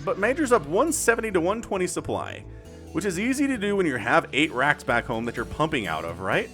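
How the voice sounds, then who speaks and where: A man doing solo play-by-play commentary on a strategy game, excitable and talking straight to viewers and players. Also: a little high, a little fast. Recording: music bed playing under the voice.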